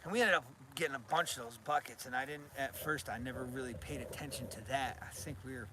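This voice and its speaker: A man hosting a survival channel, chatting casually and rambling on a live stream from his rural land. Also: fast talker. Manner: rambling, talks to his dog in a high baby voice. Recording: noisy outdoor live stream.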